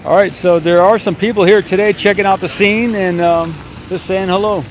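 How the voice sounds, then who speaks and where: A man's voice: high voice, steady tone, normal speed, a little hiss or hum. A man live streaming outdoors at a launch site gate, reading viewer comments aloud and answering them. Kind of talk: casual live-stream chat. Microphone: handheld mic.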